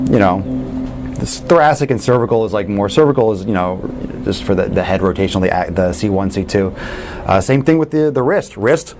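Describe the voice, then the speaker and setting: A man coaching fitness in a casual question-and-answer talk, blunt and animated, swearing freely. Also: fairly low pitch, background noise.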